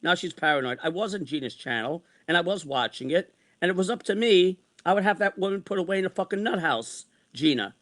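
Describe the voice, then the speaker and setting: A man's voice: high-pitched, animated, a little fast, hardly any pauses, fairly bright tone. A man in his sixties ranting angrily and repeating himself, with frequent swearing. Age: 60s. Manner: heated, repetitive, swearing. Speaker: vlogger. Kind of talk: angry personal rant.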